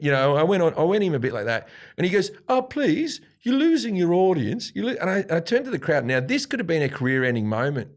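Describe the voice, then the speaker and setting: An Australian man, a comedian guest, telling a profane anecdote in an animated way and acting out quotes. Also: high-pitched, brisk. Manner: animated, swearing freely, acts out quotes.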